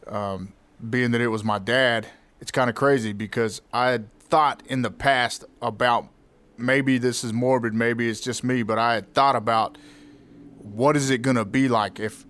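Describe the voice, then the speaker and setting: A man hosting a podcast, telling a personal story in a reflective, candid way with halting restarts. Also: lowish voice, a bit bright. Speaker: podcast host.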